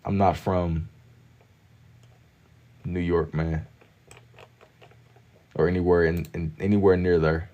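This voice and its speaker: Young guy streaming, real low voice, chill slangy banter w chat. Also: level tone, takes it slowly, pauses often, dull audio. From Kentucky. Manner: laid-back slang-heavy banter, reading and answering chat. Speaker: livestreamer. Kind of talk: casual chat with live viewers while drawing.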